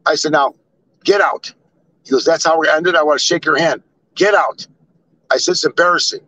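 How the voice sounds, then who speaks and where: A man's voice: a little high, steady tone, fast, bright, forceful tone, no echo, poor audio. An older man telling blunt, rambling stories with swearing. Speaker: storyteller. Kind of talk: casual storytelling.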